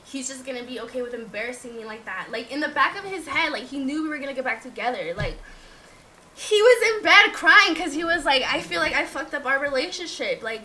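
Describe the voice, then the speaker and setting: A woman talks defensively about her side of things, with "like" in nearly every phrase. Her voice is bright and fairly high. A faint hum of room ambience sits behind her. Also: expressive, fairly quick. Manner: defensive, filler-heavy, says "like" constantly. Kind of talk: explaining herself on video.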